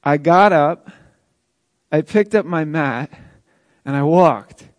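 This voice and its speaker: A man's voice: a little high, slow pace, dry recording. An actor playing a formerly paralyzed man who tells his own healing in an earnest first-person dramatic monologue. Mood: excited. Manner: earnest, storytelling, with chuckles.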